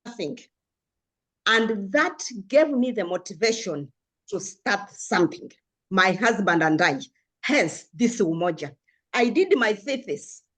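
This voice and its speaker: A woman's voice: mid-range voice, expressive, measured pace, a bit bright. Older woman panelist from Africa; passionate, earnest delivery, mid-range voice, restarts often. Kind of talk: panel discussion remarks.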